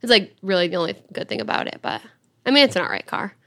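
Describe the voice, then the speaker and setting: A woman's voice: medium pitch, animated, a bit bright. A young woman telling a story in a casual, chatty way, with lots of "like". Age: young adult. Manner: chatty, fast, full of "like". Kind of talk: casual chat.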